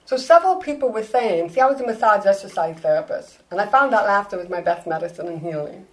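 Woman comic telling stories in an interview, animated, does little voices for the people she quotes. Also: mid-range voice, fast talker, poor audio. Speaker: comedian, guest. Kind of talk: storytelling interview answers.

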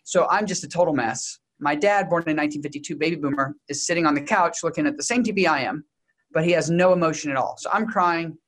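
A young adult man from Texas, a guest researcher explaining generations in an interview and telling a personal story in a brisk, lecturing way. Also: a little high, fairly bright tone. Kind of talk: interview answer.

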